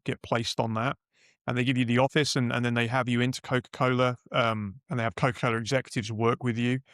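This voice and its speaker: A middle-aged man with a British accent talks through his career in a loose, meandering way, often restarting his sentences. His voice sits at an ordinary pitch and is recorded dry and close, with no room around it. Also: a bit bright, dry recording. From United Kingdom. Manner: rambling, self-correcting anecdotes. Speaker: podcast guest. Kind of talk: casual interview storytelling.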